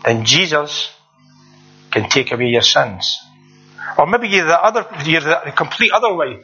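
A man's voice: a little high, expressive, measured pace, bright, forceful tone, husky, faint music behind. A man preaching a sermon in an earnest, conversational way, repeating himself and asking the listeners rhetorical questions. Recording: dull lo-fi recording.

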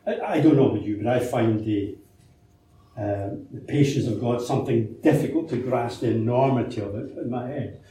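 A man's voice: mid-range voice, moderate pace, mellow, slight background noise. A man preaching a sermon in a conversational way, asking rhetorical questions and telling anecdotes, heard in a church. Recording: very echoey church hall from a distance.

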